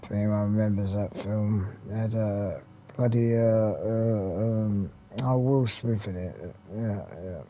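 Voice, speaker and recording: A man's voice: lowish voice, slow pace, lo-fi sound, slight background noise. A man with an English accent, hosting a retro gaming channel, rambling casually with mild swearing and lots of fillers and restarts.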